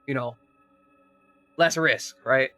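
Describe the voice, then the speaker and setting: A man's voice: medium pitch, takes it slowly, bright, forceful tone, no room sound, faint music behind. A man streaming a game, talking in a rambling, casual way with frequent swearing and restarts. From United Kingdom. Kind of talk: casual chat while gaming.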